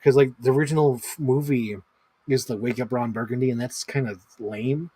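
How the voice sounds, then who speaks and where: A man's voice: mid-range voice, fairly even intonation, a little fast, dark tone, breathy edge, no room sound. A man in his thirties chatting casually on a livestream as he ranks movies, rambling, swearing freely and filling his talk with "like". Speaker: movie ranking streamer.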